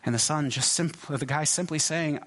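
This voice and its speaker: Husky-voiced pastor preaching in a reverberant hall. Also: male voice, a little high, a bit bright. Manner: conversational, halting, many restarts and asides. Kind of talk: sermon.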